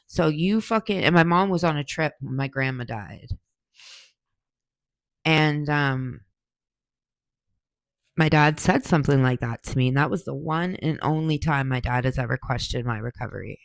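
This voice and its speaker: A woman's voice: deep voice, normal speed, creaky, pauses often, dry recording. A woman in her forties, hosting a podcast, answering questions in a blunt, profane, heated storytelling style. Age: 40s. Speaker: podcast host. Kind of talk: casual monologue answering questions.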